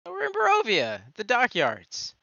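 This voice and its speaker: A man's voice: extremely high pitch, huge pitch swings, a little slow, gravelly, pushed and bright, dry recording, dull audio, voice pushed up, full character voice. A man voicing a nervous, eager-to-please crew member who keeps agreeing. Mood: wary.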